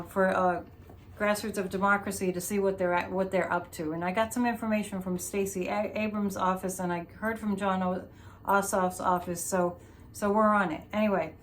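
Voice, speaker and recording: A woman hosting a psychic show, chatting loosely through a tarot reading with many restarts and asides. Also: mid-range voice. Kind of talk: casual tarot reading commentary.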